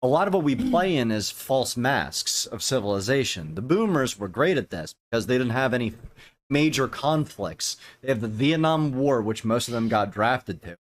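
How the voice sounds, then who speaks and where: A man talking on a podcast in loose, casual banter. He is blunt and crude and likes to provoke. His pitch sits at an ordinary middle level. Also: big pitch swings, moderate pace. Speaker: podcast co-host.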